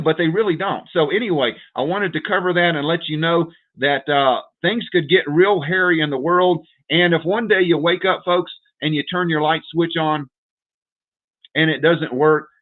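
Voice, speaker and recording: This prepper's voice is a little high and moves at normal speed, though the sound is tinny, as if through a phone. Hosting a livestream, he lectures viewers with urgency and repetition, saying "folks" over and over.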